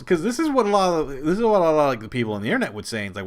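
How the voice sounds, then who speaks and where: In this casual solo commentary, the host of a wrestling show rambles on at length with lots of restarts. He's animated, and when he quotes other people his voice leaps quickly into a higher pitch.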